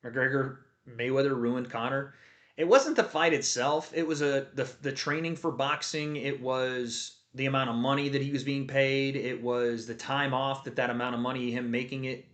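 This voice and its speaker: A man hosting a livestream watch party, chatting casually and excitably, swearing freely as he reacts. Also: medium pitch. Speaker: livestream host.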